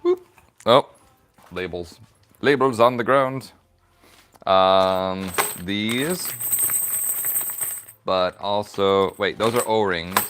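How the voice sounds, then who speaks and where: A man's voice: fairly low pitch, extremely slow, long pauses, noisy background. A man hosting a leather crafting stream, chatting playfully and giggling as he rambles through his work in a workshop. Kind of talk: casual chat while crafting leather.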